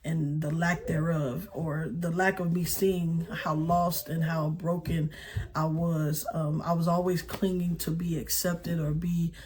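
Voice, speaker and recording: Woman, 30s, personal testimony, hesitant, many pauses, flat monotone pitch. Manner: halting, hesitant, full of pauses and fillers. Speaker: speaker sharing a personal testimony.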